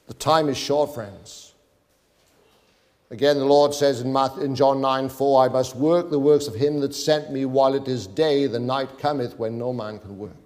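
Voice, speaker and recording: A man's voice: mid-range voice, steady tone, normal speed, darkish tone. A male preacher exhorting a congregation, reading scripture aloud in King James wording and pleading with his listeners. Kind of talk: sermon. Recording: long hall reverb.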